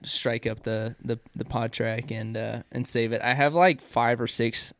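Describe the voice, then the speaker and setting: Smooth-voiced Midwest man chatting. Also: medium pitch, steady tone, measured pace, dry recording, clean studio sound. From American Midwest. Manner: rambling, laughs often, many fillers. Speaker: podcast co-host. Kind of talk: casual chat.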